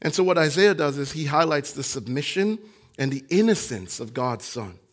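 Male pastor, high voice, delivers an impassioned sermon that swings from hushed lows to near shouts. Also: lively intonation, normal speed.

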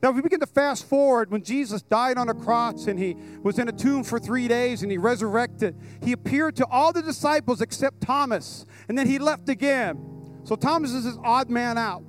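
High-voiced, excited young-sounding pastor. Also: male voice, moderate pace, soft background music. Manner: excited and casual, with slang and asides to the congregation. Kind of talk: lively sermon at a church service. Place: church service in front of a congregation.

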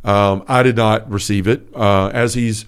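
A man's voice: fairly low pitch, steady tone, a little slow, clean tone. A man co-hosting a Catholic talk show, telling a personal story in an earnest, casual way with frequent restarts. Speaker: podcast co-host. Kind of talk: casual faith discussion.

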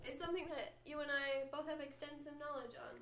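A woman's voice: high voice, background noise. Giggly teenage girl podcasting. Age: teens. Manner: giggly, chatty, quick asides. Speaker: podcast co-host. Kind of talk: casual chat.

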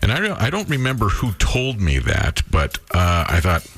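A man with a lowish voice hosts a radio show. He chats easily with his co-host and reads out contest details in a relaxed, conversational way. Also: normal speed, slightly rough. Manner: relaxed, chatty, reads promos. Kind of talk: morning radio banter.

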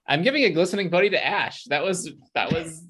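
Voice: mid-range voice, lively intonation, a little fast, a bit bright, slightly rough. A podcast co-host in casual chat, wry and incredulous.

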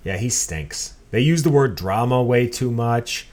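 A man's voice: medium pitch, lively intonation, a little slow, darkish tone. A man co-hosting a podcast in casual chat, sarcastic and crude, often mocking people in put-on voices. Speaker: podcast co-host.

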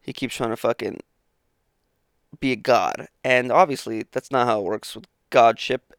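A man's voice: medium pitch, steady tone, moderate pace, a bit bright, no room sound, clean studio sound. A man hosting his own podcast, talking alone in a rambling, profane, self-interrupting way, sleepy and yawning in the morning. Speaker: podcast host. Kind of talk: casual solo podcast monologue.

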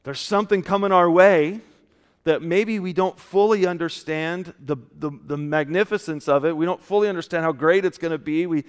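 Smooth-voiced pastor in a reverberant church. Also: male voice, a little high, moderate pace. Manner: casual, dropping often to a soft hushed tone. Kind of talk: conversational sermon with stories. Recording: long church hall reverb.

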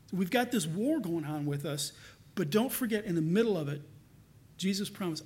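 High-voiced man preaching a sermon. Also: lively intonation, a little fast, slightly rough. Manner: earnest, swings between loud emphasis and soft hushed lines. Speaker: pastor.

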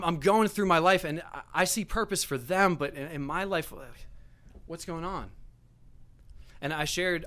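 Earnest young preacher, stumbling restarts. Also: male voice, a little high, pushed and bright. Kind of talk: storytelling sermon.

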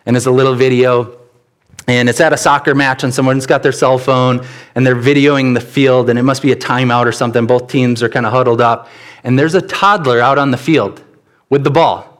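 A man preaching a church sermon, telling stories with sudden bursts of animation. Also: a little fast. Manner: animated storytelling with sudden rises in pitch. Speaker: pastor.

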